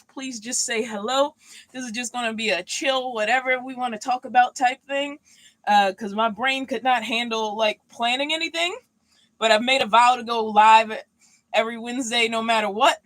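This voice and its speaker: A woman's voice: fairly high pitch, fairly bright tone, no room sound, poor audio. A worn-out woman chatting casually and loosely on a livestream from inside the box truck she lives in. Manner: easygoing, chatty, loose and unscripted. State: mentally worn out. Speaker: vanlife vlogger hosting a livestream. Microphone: streaming mic, at times leaning away from it.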